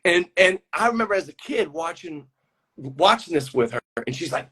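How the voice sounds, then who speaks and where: Husky man telling rambling stories. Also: on the high side, animated, moderate pace, pushed and bright. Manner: rambling storyteller, many restarts and asides. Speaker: actor, guest. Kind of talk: casual chat on a live video call. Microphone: phone.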